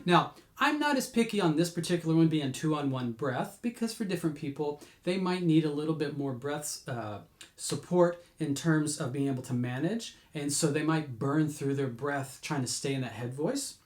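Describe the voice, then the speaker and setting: Man teaching vocal warm-ups in an echoey room. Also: moderate pace. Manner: explains patiently, breaks into high sung demos. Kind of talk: vocal lesson with sung demonstrations.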